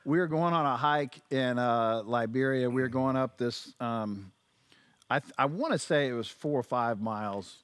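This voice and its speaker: Male co-host, mid-pitched, easygoing storyteller with a few fillers, dry close recording. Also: moderate pace, a bit bright, clear, resonant tone, no echo. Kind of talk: casual conversation.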